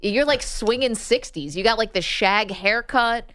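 Teasing, unhurried radio co-host woman. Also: on the high side, fairly bright tone, dry recording, clean studio sound. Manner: teasing, laughs often. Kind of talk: casual radio banter. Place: radio studio. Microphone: studio mic.

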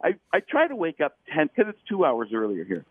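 A middle-aged man calling in to chat, his voice thin and phone-like with no room around it. He talks in halting bursts, restarting his sentences and slipping into quick impressions. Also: on the high side, wildly swooping pitch, husky, no room sound. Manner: explains voices in stops and starts, drops into quick impressions. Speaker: comedian guest. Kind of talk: casual chat. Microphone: phone call-in. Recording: tinny phone line.

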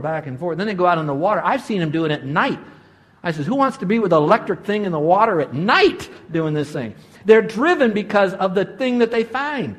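Older male preacher, sermon storyteller, slightly high voice, lively acted-out quotes. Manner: animated storytelling, voices quotes with big pitch jumps. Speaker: pastor.

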